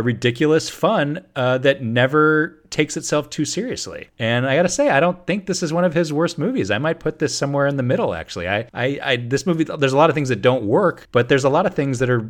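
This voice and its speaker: A man's voice: mid-range voice, expressive, a little fast, hardly any pauses. Podcast guy gushing about a movie, laughs a lot, trips over his words, medium voice. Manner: enthusiastic, laughs often, restarts mid-sentence. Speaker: podcast co-host. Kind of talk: casual film review chat.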